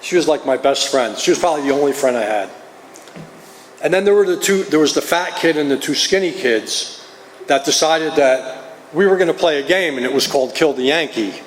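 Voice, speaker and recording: A man's voice: fairly high pitch, animated, a little fast, a little hiss or hum. A middle-aged man with a New Jersey accent, telling his own story to a recovery group in an earnest, confessional way. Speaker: recovery meeting speaker. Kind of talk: personal testimony. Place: meeting hall. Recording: roomy hall, faint ambience.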